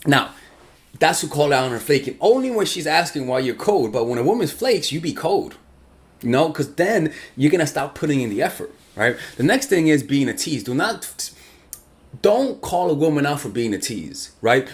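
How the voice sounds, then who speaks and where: A man's voice: fairly high pitch, very animated, moderate pace. A man working as a dating coach, giving blunt advice in a casual monologue and swearing freely.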